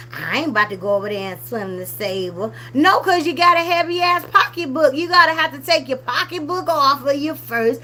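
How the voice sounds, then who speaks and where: A woman's voice: high-pitched, brisk, few pauses, a little hiss or hum. A woman hosting a commentary channel, talking casually and animatedly, scolding the people she talks about. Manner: animated, scolding, drops to a hushed whisper at times.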